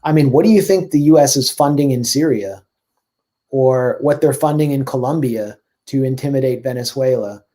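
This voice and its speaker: Man, journalist guest: quick, sardonic political talk, mid-pitched, filler-heavy. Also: mellow. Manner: fast, sardonic, fillers like "like" and "I mean". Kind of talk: casual political chat.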